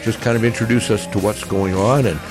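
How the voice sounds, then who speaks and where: A man's voice: lowish voice, steady tone, fairly quick, over music. A man in his sixties hosting a live radio pre-show from an outdoor concert, with upbeat, folksy announcer patter. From Nevada, United States. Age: 60s. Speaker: radio host. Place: outdoors at a parking lot concert stage.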